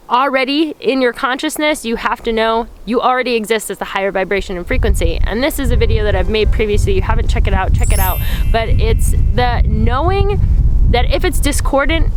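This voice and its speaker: A woman's voice: on the high side, slight background noise, rough recording. A woman hosting a spiritual self-help talk, speaking earnestly and rambling with many fillers. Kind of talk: casual spiritual talk to camera.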